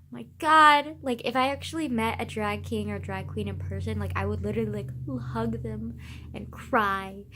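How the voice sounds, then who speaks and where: A teenage girl talking casually to camera, gushing and excitable, full of sighs, fillers and swearing. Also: mid-range voice, measured pace, a little hiss or hum. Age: teens. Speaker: vlogger. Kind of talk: casual rambling vlog.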